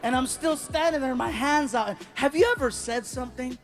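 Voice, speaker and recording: Animated stand-up man, music behind. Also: very high-pitched, moderate pace. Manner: animated, shouts the punchlines in voices. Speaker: stand-up comedian. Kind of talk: stand-up storytelling. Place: stage before a large audience.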